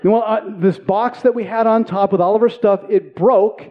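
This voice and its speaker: A man's voice: high voice, fairly even intonation, moderate pace, lo-fi sound. A man in his forties preaching a sermon, earnest and self-deprecating, telling a personal story with repeated words. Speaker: pastor.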